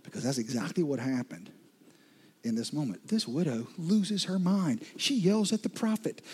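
A man preaching a sermon as a pastor, talking straight to his listeners and swinging from loud questions to hushed whispers. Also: fairly high pitch, expressive, normal speed, slightly rough. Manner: addresses listeners directly with repeated questions.

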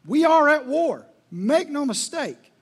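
A man's voice: extremely high pitch, very animated, takes it slowly. A male pastor preaching a sermon in an emphatic, repetitive, rhetorical style.

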